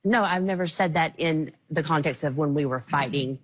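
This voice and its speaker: Hesitant, defensive low-voiced mother. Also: normal speed. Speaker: guest, mother. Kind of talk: talk show testimony.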